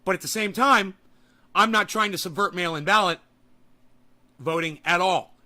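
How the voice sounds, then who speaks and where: A man hosting a political podcast, ranting profanely and breaking into shouts. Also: sits high, moderate pace. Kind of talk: angry political rant.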